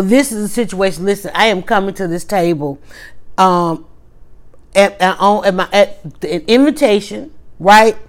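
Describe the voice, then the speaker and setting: A woman hosting a livestream, telling a story in a casual, animated way with quick restarts and emphatic asides. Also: mid-range voice, smooth. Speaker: livestream host.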